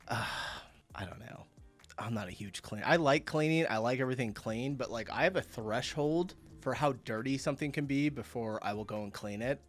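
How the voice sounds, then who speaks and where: A man's voice: medium pitch, normal speed. A young man casually reacting to clips as host, chatty and often laughing.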